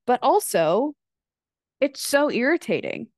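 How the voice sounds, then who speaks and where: This thirty-something podcast host delivers a casual, confessional monologue, chatting openly and cursing without restraint. She speaks slowly in a high, very animated voice, recorded with studio quality and no echo.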